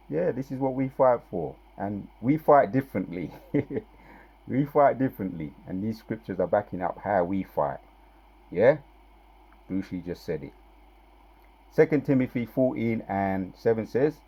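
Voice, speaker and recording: A man giving an informal scripture teaching. He reads verses slowly with loud, drawn-out stress and talks casually between them, often asking "right?" and "yeah?". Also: on the low side, lively intonation. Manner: conversational, with tag questions and fillers between verses. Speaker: bible teacher.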